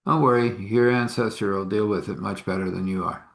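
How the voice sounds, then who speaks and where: A man voicing a smooth-talking male stranger who offers a shady deal, in his own low voice. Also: fairly even intonation, fairly quick, fairly bright tone. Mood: coaxing. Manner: persuasive, coaxing.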